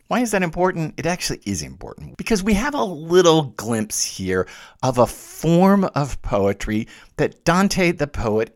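A man lectures on poetry in an animated, conversational way, his pitch rising and falling widely. He talks casually, like he is chatting with his students. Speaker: literature lecturer.

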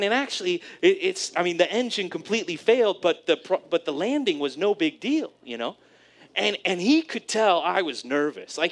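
A man preaching a sermon, telling a personal story in an animated way, often checking in with "right?". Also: high-pitched. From California, USA. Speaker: pastor.

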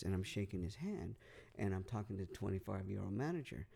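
A man's voice: low-pitched, expressive, quick pace, creaky, few pauses, dark tone, husky. A man telling a long story in casual podcast chat, rambling, repeating words, swearing and using lots of fillers. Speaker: podcast guest.

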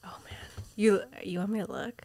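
A woman in a casual chat, talkative and quick to finish her partner's sentences. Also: medium pitch, expressive, vocal fry, dark tone, no room sound, studio quality. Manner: chatty, finishes the other's sentences.

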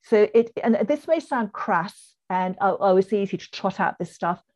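A woman's voice: medium pitch, animated, normal speed, a little mellow. A woman with an English accent, a guest business coach, talking in an earnest, encouraging way in a podcast interview.

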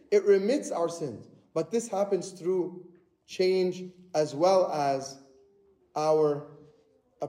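Male preacher, high and mellow voice, earnest repetitive sermon delivery, echoey church.

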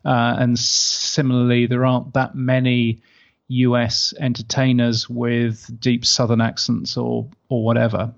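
Gravelly-voiced British man, lo-fi line. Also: medium pitch, monotone, measured pace. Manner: hesitant, many restarts and "you know"s. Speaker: podcasting industry guest. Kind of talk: conversational interview.

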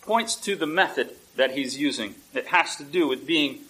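This low-quality clip captures a male pastor preaching at a normal speed, his slightly high voice sharp in tone and lively in intonation. His sermon feels conversational: he often questions the congregation and repeats words as he starts over.

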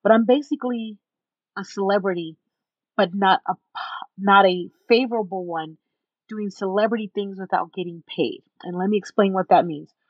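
A woman guest in an interview, telling a story in an animated way and acting out the people in it. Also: medium pitch, normal speed, no echo, muffled recording. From Texas. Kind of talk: storytelling in a conversation.

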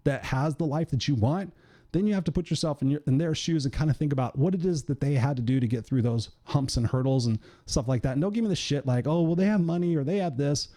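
A man's voice: medium pitch, fast, dark tone. A middle-aged man, a podcast host and coach, giving a blunt, profane motivational monologue in a direct, tell-it-like-it-is way.

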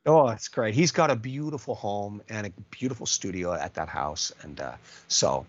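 A man, a touring musician, telling lively anecdotes in a casual interview, full of asides. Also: lowish voice, normal speed, muffled recording. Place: California.

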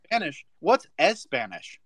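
A man's voice: a little high, huge pitch swings, slow, no echo. A man on a casual voice chat, explaining points at length and teasing others with sarcasm.

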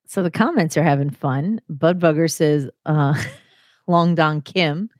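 A woman's voice: sits low, slow pace, a little mellow, no echo, clean studio sound. Laughing woman co-hosting a podcast. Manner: laughs often, reads out comments. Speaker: podcast co-host. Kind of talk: casual banter.

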